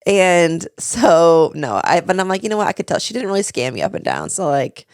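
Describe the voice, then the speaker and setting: A young woman co-hosting a podcast, telling stories in an animated, chatty way. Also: lowish voice, normal speed, vocal fry, no room sound, clean studio sound. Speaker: podcast co-host. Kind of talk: casual chat.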